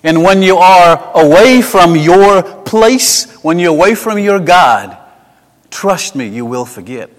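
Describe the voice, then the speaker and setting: Preaching slowly in a high, expressive voice, a South African-accented man tells personal anecdotes in a chatty style, alternating forceful lines with hushed side comments. A long hall reverb fills the recording.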